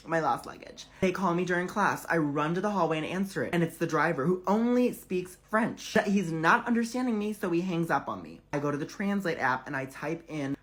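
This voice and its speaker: A man's voice: a little high, fairly quick, a bit bright. A man telling a storytime vlog, sassy and exasperated, swearing freely. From United States. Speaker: vlogger.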